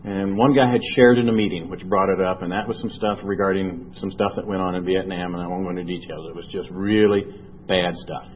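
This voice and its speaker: A man telling his recovery story to an audience, earnest and storytelling, slowing down and weighing his words at the heavy moments. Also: sits low, fairly even intonation. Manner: earnest storytelling, slow and heavy at emotional points. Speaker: recovery speaker. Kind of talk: personal testimony talk. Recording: dull lo-fi recording with faint noise.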